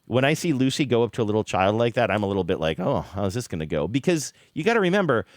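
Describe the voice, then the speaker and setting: A man co-hosting a podcast, telling a long story in a rambling, animated way and often correcting himself. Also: mid-range voice, racing, no room sound, clean studio sound. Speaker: podcast co-host. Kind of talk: casual chat.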